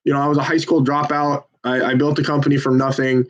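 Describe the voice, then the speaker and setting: A man's voice: mid-range voice, little pitch movement, fast, lo-fi sound. A man volunteering at a phone bank, chatting casually to viewers between calls in a rambling, profane, self-deprecating pep talk.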